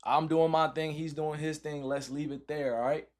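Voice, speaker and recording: A man's voice: fairly high pitch, fairly even intonation, moderate pace. Man chatting loosely with his stream viewers. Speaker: livestreamer. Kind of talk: casual livestream chat with viewers.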